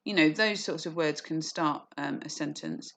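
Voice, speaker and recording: A woman with a fairly low voice teaching an online lesson. She explains step by step, often says "okay" and "you know", and now and then acts out a short quoted line. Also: moderate pace, gravelly, fairly bright tone. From England. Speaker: English teacher.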